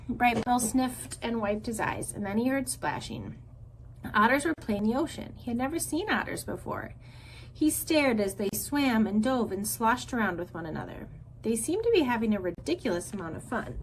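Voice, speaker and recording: A woman teacher reads a children's novel aloud, her voice fairly high and full of lively rises and falls. She tells the story with expressive, engaged pacing. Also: normal speed, a little hiss or hum, poor audio.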